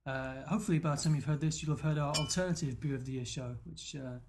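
A man from the north of England hosting a casual beer-tasting chat, relaxed and quick to laugh. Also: a little high, faint music behind. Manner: relaxed, chatty, laughs often. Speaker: podcast host.

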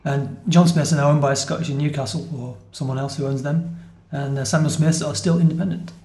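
Chatty man with a slightly high voice. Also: steady tone, brisk, warm tone. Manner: chatty, explains facts, self-correcting. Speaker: podcast host. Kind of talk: casual beer-tasting chat. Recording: roomy echoey room.

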